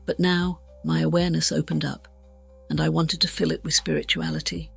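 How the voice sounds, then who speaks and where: A woman's voice: low-pitched, fairly even intonation, fairly quick, gravelly, breathy edge, soft background music. A woman telling a personal testimony in an interview, frank and blunt, with a self-mocking edge. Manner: frank, blunt and self-mocking, voices her past self with urgency. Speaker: guest sharing a near-death testimony. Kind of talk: candid personal storytelling in an interview.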